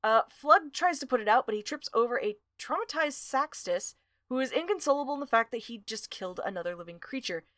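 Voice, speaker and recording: A woman's voice: fairly high pitch, a little fast, dry recording. Woman podcast co-host, dry close sound, easygoing plot recap with lots of "uh". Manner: relaxed recapping, frequent "uh". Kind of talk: casual book discussion and plot recap.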